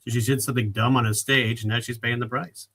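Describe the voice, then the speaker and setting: Fast, bright-voiced male guest, blunt and emphatic. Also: mid-range voice, fairly even intonation, a little hiss or hum, poor audio. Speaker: podcast guest. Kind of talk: casual chat.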